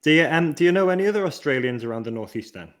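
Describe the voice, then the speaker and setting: A man from England co-hosting a podcast, chatting with the guest and running a quick quiz. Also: on the high side, animated, a bit bright. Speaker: podcast co-host. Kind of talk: casual interview chat.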